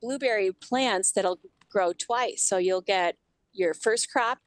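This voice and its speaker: A woman co-hosts a local radio talk show, joining over a video call. She chats in an upbeat, informative way in a middle-pitched voice. The sound is dry and close. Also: takes it slowly, no echo, poor audio. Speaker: radio co-host. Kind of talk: casual radio chat.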